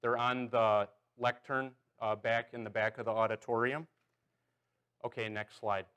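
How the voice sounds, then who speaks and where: A man teaching a Bible class, his voice at an ordinary middle pitch. He walks the room through the story and keeps checking in with a quick "okay" or "right." He is speaking in a church auditorium. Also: flat delivery, a bit bright, clear, resonant tone, dull audio.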